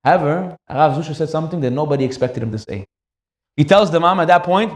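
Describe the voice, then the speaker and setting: A man giving a sermon as a rabbi, telling a story in an animated way and acting out the characters. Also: on the high side, fast, echoey room.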